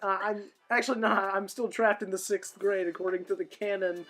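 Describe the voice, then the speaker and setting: A teenage boy co-hosting a podcast, telling a story in a lively way and acting out shouts and laughter. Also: high voice, a little fast, over loud music. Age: teens. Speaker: podcast co-host. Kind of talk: casual chat, storytelling.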